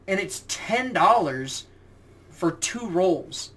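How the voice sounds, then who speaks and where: A young man co-hosting a podcast in casual chat, telling boot camp stories in a lively, profane way and acting out the voices of the people in them. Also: a little high, normal speed. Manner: animated, profane, acts out quoted voices. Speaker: podcast co-host.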